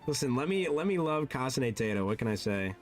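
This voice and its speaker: A man streaming a game, chatting casually and sounding animated and flustered, his voice jumping high and dropping low. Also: a little fast, soft background music. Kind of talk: casual live-stream chat.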